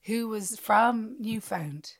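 A woman's voice: a little high, takes it slowly. A woman with an Irish accent co-hosting a podcast, talking animatedly in casual chat and acting out little exchanges. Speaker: podcast co-host.

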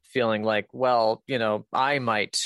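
A man's voice: mid-range voice, steady tone, takes it slowly, a bit bright, smooth, no room sound. Candid storytelling man, dry sound. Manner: candid, laughs often, many fillers. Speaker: podcast guest. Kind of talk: casual personal storytelling.

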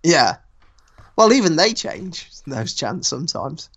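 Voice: mid-range voice, sing-song, slow pace, a bit bright. An easygoing co-host with a Nuneaton Midlands accent, chatting casually about wrestling and hedging their views. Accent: Nuneaton, English Midlands. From Nuneaton, England. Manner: easygoing, hedging, laughs easily. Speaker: podcast co-host.

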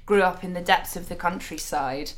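Brief: woman co-host, thoughtful and steady, lowish voice, casual chat. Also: moderate pace. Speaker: podcast co-host.

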